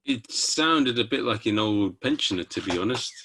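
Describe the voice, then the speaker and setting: A man's voice: medium pitch, lively intonation, normal speed, sharp tone. A man hosting a podcast interview, asking short questions with joking asides. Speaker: podcast host.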